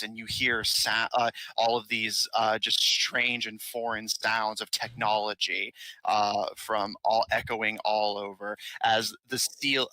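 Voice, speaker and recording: A man narrating as game master of a tabletop game, halting with many fillers. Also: fairly low pitch, sharp tone, dry recording, poor audio.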